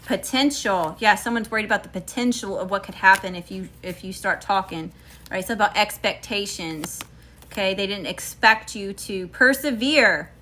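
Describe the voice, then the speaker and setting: A woman from Mississippi speaks in a Southern accent, giving a chatty, emphatic tarot reading to her viewers. Her voice is bright and forward. She talks casually and scatters "y'all" and "okay?" all through it. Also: medium pitch, moderate pace, a little hiss or hum. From Mississippi, USA. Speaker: tarot reader.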